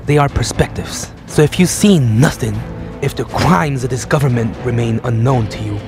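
A man's voice: medium pitch, normal speed, music in the background, natural voice. A man doing an impression of a masked rebel, reciting a speech theatrically in a shaky English accent. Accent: attempted English. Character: masked male rebel orator. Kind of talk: comedic impression.

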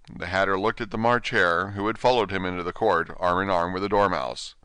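A man narrating a storybook in an expressive, animated way on a close mic. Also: sits low, fairly quick, clear, resonant tone, dry recording. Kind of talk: storybook reading.

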